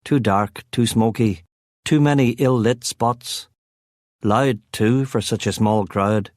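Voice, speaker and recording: A man's voice: on the low side, slow, a little mellow, no echo. A man narrating a first-person crime novel as an audiobook, with a wry, sardonic delivery on a close studio mic.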